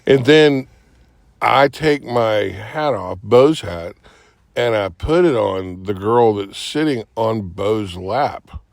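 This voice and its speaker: A man's voice: on the low side, lively intonation, slow, creaky, no room sound, clean studio sound. A man telling a long rambling story in casual podcast chat, swearing and acting out what people said. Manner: rambling, profane, acts out quotes with sudden shouts. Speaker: podcast host.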